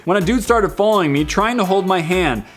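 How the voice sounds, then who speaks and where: A man's voice: sits high, fairly quick, soft background music. A man in his twenties hosting a vlog, reading viewer comments in a playful, joking way. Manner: playful, jokey, animated. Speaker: vlog host.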